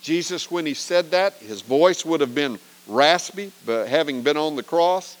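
A man's voice: a little high, lively intonation, measured pace, low-quality recording. A man teaching an evening Bible study as a pastor, earnest and emphatic, often asking rhetorical questions.

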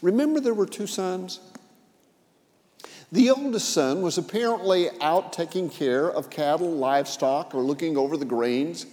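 A man preaching a sermon, retelling a parable with vivid acted-out quotes that swing between loud and soft. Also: fairly high pitch, moderate pace, long reverb tail. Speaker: pastor. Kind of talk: sermon storytelling.

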